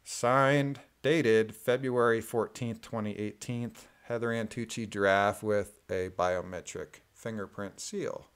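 A man reading court filings aloud in a methodical, deliberate way, adding plain spoken asides. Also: lowish voice, fairly even intonation, smooth.

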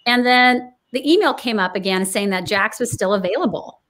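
A woman guest in a casual online chat, telling a story in a lively way and acting out the quoted lines. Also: mid-range voice, normal speed.

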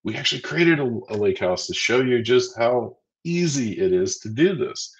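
Here a man with a medium-pitched, animated voice speaks at a moderate pace while co-hosting an informal training livestream. Upbeat and chatty, he tallies quiz votes and walks viewers through the answers, though the audio's highs are cut off.

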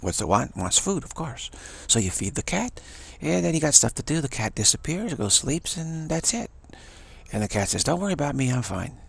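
A man's voice: on the high side, big pitch swings, normal speed, gravelly, fairly bright tone, slightly rough. A man giving an informal spiritual talk in a rambling, playful way, often repeating himself. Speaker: spiritual teacher.

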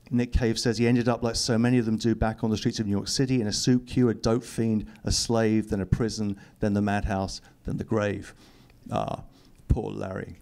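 A man's voice: fairly low pitch, little pitch movement, moderate pace, gravelly, hardly any pauses, a little mellow. A middle-aged man, reading his own book aloud to an audience and adding dry, teasing asides. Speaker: author giving a public reading. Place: lecture hall.

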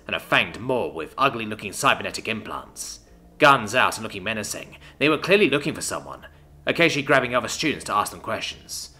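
A man narrating a story in an expressive, storytelling manner. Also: fairly low pitch. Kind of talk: scripted narration.

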